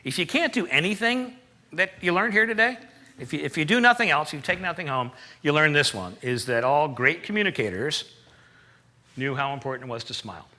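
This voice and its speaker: A man giving a presentation-skills seminar in a lively, emphatic, conversational way with playful asides. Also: on the high side, fairly quick. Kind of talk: live seminar talk. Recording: long hall reverb.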